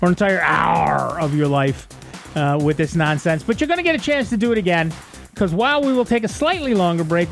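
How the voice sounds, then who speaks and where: A man hosting a call-in computer radio show, talking casually and walking callers through steps in a rambling, chatty way. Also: high-pitched. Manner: chatty, rambling, explains step by step. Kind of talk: call-in radio tech advice. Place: radio studio. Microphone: studio microphone.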